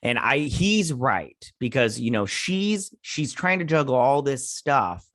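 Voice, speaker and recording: A man's voice: mid-range voice, expressive, slow, fairly bright tone, no room sound, clean studio sound. A man hosting a casual TV episode recap, rambling and paraphrasing scenes as he goes. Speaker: host.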